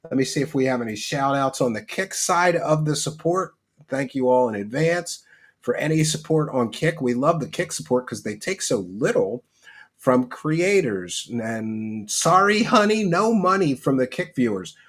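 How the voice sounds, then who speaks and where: A man's voice: medium pitch, animated. A man hosting a livestream, reading chat aloud and joking with mock rants. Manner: mock-ranting, joking, quick to laugh. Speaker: livestream host.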